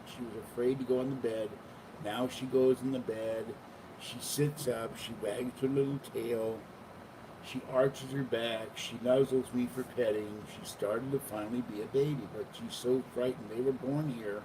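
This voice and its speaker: A man's voice: medium pitch, distant mic. Older man rambling at home. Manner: meandering, chatty, talks to his cats. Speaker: vlogger. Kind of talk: rambling casual vlog. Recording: noisy home recording.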